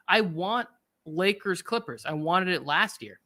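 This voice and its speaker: Man, sports podcast host, bright forceful voice, slightly high, animated, jokey. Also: measured pace. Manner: animated, jokey, slips into impressions. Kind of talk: casual sports talk.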